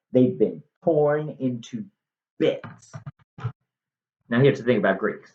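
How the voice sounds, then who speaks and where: A man retelling a classic play in a chatty, slangy way, with animated asides. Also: medium pitch, slow pace. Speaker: storyteller. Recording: dull echoey room.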